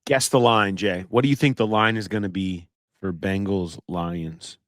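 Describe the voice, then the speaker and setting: A man with a Midwestern American accent co-hosting a casual sports podcast, animated and joking as he shouts out listeners. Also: low-pitched, moderate pace, dry recording, studio quality. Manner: animated, joking, reads listener submissions aloud. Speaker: podcast co-host.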